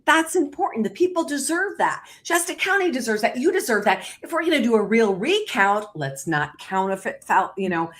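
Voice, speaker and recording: A woman hosting a political livestream, telling a story quickly and with energy and acting out what people said. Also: fairly high pitch. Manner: animated, fast storytelling with quoted exchanges. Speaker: livestream host.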